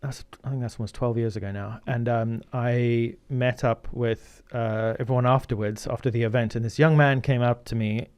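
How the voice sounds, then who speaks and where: A middle-aged man from Zimbabwe, speaking as an interview guest at a middle pitch. He tells his story earnestly, with lots of ums and restarts. The sound is close and dry. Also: fairly even intonation, moderate pace, hardly any pauses, darkish tone, clean tone, no room sound. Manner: earnest, anecdotal, many fillers. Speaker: guest, media founder.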